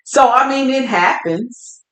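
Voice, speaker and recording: A woman's voice: high-pitched, slow pace, fairly bright tone. A woman co-hosting a casual podcast chat, talkative and colloquial, laughing easily as she talks. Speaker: podcast co-host. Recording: roomy echo.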